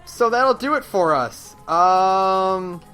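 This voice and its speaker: A man co-hosting a gaming podcast in relaxed casual chat, with lots of fillers and casual swearing. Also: sits high, slow pace, clean tone. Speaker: podcast co-host. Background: faint background music.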